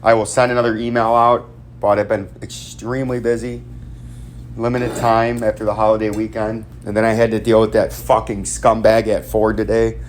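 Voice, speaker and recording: Male crypto vlogger, lowish voice, rambling and profane. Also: level tone, normal speed, a little hiss or hum. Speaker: crypto vlog host. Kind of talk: casual rambling vlog commentary.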